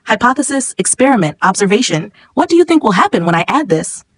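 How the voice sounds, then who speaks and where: A cruel substitute chemistry teacher speaks with calm, clipped contempt, read by a woman. The sound is dry and close, with no room around it. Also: mid-range voice, quick pace, no room sound. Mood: cold, mocking.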